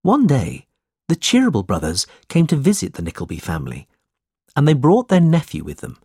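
A man reading a simplified classic novel aloud as narrator, in a clear, measured way. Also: mid-range voice, wildly swooping pitch, dark tone, dry recording, studio quality. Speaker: audiobook narrator. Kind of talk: scripted storybook narration.

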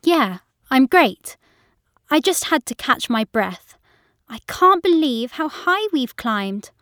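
A cheerful young woman, voiced by an actress in a recorded listening test. Her voice is on the high side and she speaks slowly. The sound is dry and close. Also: lively intonation, a bit bright, no room sound. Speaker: dialogue actor in a listening exam. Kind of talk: scripted dialogue reading.

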